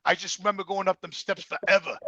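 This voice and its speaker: A middle-aged man with a New York accent telling profane, animated stories in casual conversation. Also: high voice, fast, no echo, muffled recording. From Brooklyn, New York. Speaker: guest. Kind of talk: casual storytelling.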